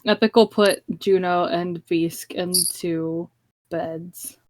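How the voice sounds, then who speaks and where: A woman's voice: on the low side, steady tone, takes it slowly, dry recording, studio quality. A woman playing a tabletop game, hesitant with many fillers as she plans her character's moves. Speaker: player.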